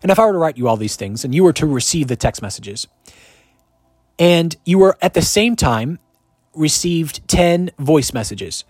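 A man's voice: on the high side, expressive, moderate pace, no room sound. Emphatic male preacher, dry sound. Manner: emphatic, repeats key lines, shifts loudness often. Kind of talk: sermon.

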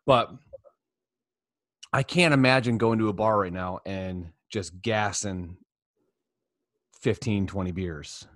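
A man's voice: fairly low pitch, slow, pauses often, a bit bright, no room sound. A man co-hosting a podcast, joking in a loose, offhand and profane way. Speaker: podcast co-host. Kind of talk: casual podcast chat.

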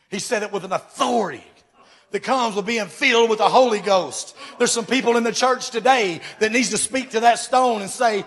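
High-pitched male pastor, preaching with big swings from shouts to hushed lines, church hall with long reverb. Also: moderate pace. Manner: preaching with dramatic swings from loud calls to hushed asides. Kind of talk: sermon.

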